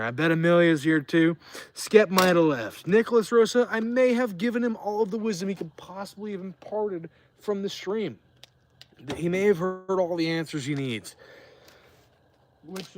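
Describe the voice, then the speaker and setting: A tipsy man chats live from beside an outdoor campfire, wandering from tangent to tangent with plenty of swearing. His voice sits a little high for a man, loose and unhurried in its drift. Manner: rambling and profane. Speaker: streamer. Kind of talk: casual livestream chat.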